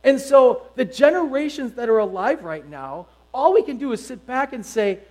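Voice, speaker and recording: A middle-aged man preaching a sermon to his congregation, emphatic and animated, full of rhetorical questions. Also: very high voice, moderate pace, hardly any pauses, low-quality recording. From United States. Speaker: pastor.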